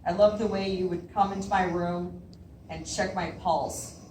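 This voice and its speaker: Slow, nervous woman poet reading live. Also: fairly low pitch, steady tone, darkish tone, a little hiss or hum. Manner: nervous, laughs often between lines. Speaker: poet reading her work. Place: public library reading event. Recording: roomy hall, voice from a distance.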